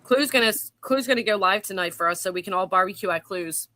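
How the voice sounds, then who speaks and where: A woman's voice: mid-range voice, fast talker, bright, forceful tone, no room sound. A woman hosting a livestream, chatting casually and swearing freely. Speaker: stream host. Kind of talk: casual chat.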